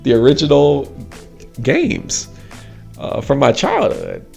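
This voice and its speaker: Gravelly-voiced man, casual rambling chat. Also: slow, soft background music. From United States. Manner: animated, laughing often, mimicking people in a high voice. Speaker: host.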